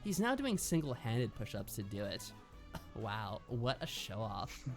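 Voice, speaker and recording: A man's voice: fairly low pitch, sing-song, measured pace, over music. A man reading a visual novel aloud on a live stream and chatting with his co-host, laughing often. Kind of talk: live read-through narration and chat.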